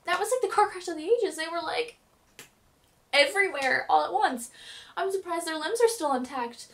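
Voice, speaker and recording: A young woman recapping a TV episode as a fan vlogger, gushing and dramatic, with quick swings in loudness. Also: extremely high pitch, creaky, recorded from a distance.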